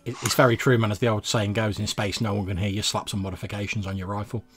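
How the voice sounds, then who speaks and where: A man narrating a tabletop space adventure as game master, in a measured, descriptive way. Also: fairly low pitch, flat delivery.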